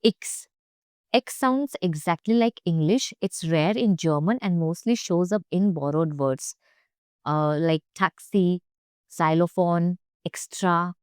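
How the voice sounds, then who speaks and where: A woman's voice: fairly low pitch, slow, clear, resonant tone, no echo, studio quality. A young woman teaching German pronunciation, speaking carefully and repeating each sound for learners. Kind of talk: pronunciation lesson.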